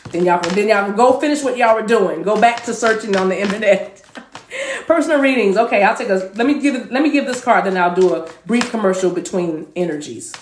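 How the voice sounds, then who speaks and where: In an echoey space with a touch of background noise, a woman gives viewers a live tarot reading. Her medium-pitched voice is expressive and brisk. Her talk is conversational and repetitive, punctuated by occasional bursts of speaking in tongues.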